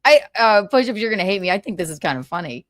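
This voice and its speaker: A woman hosting a casual pop-culture gossip stream speaks fast at medium pitch, with lively intonation and a fairly bright tone. Chatty and giggly, she says she's exhausted and adds tired asides; the recording is dry and cleanly studio-made.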